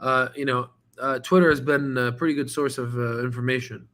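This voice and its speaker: A man hosting a stock trading channel, talking casually and excitably while going through charts, swearing now and then and repeating himself as he rambles. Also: medium pitch, brisk. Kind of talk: casual screen-share market commentary.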